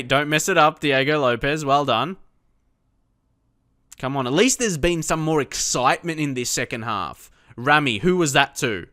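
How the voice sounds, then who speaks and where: A young man chatting through live gameplay, talking to himself and his viewers and erupting in frustrated shouts at his players. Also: medium pitch, dry recording, clean studio sound. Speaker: gaming YouTuber.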